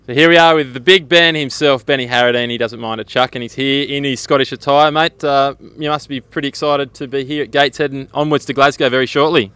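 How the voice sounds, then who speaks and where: Male host, bright voice, cheeky interviewer. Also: mid-range voice, fairly even intonation, fast talker, hardly any pauses, clear, resonant tone, dry recording. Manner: teasing, banter-filled questions. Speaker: sports interviewer. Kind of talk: jokey sports interview.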